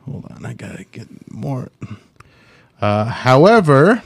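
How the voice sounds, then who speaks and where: Podcast guy reading trivia, deadpan, bouncy pitch, dry close sound. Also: slow, gravelly, husky, no room sound. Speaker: podcast co-host. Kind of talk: casual comedy chat, reading trivia aloud.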